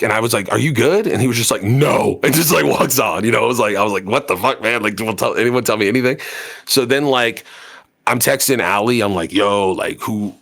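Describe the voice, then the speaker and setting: A man's voice: on the low side, vocal fry, a bit bright. A man co-hosting a podcast, telling a story in casual chat, rambling and full of fillers and swearing. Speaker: podcast co-host.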